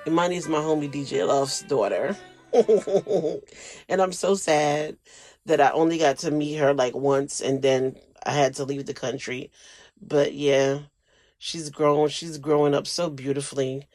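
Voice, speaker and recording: A man's voice: on the high side, steady tone, measured pace, a little mellow, no echo, soft background music. Guy doing his podcast solo, rambly and emotional, dry close mic. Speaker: podcast host. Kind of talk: casual solo podcast chat.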